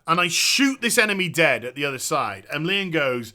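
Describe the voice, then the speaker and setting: A man rants about a game in a high, swooping voice that stays very bright and sharp. He swears freely and piles on the sarcasm, sounding thoroughly fed up. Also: sing-song, normal speed, hardly any pauses. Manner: exasperated, sarcastic and profane. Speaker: video game reviewer. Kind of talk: ranting game review.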